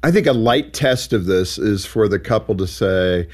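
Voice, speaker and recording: A man's voice: lowish voice, animated, moderate pace. A man hosting an interview, chatting casually and acting out little everyday scenes with a joking tone. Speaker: radio show host.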